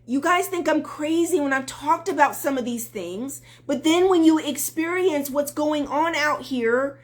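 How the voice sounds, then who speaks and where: A woman dating coach talking on a live stream, earnest and emphatic, greeting viewers as they join. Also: sits high.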